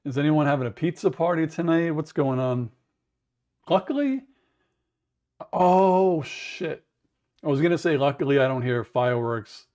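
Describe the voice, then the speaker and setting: A man with a raspy voice, chatting in a rambling way to viewers on a livestream from home, humming to fill the wait. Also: mid-range voice, steady tone, quick pace, few pauses, darkish tone. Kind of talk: casual livestream chat. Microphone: wearable mic.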